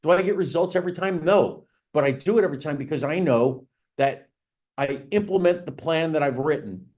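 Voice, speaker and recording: A man's voice: fairly high pitch, fairly quick, darkish tone. A man teaching a business planning session for real estate agents, talking in a conversational way and stressing key points with rising emphasis. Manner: conversational, repeats "right?" and "again". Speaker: real estate coach and trainer. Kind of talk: training seminar talk.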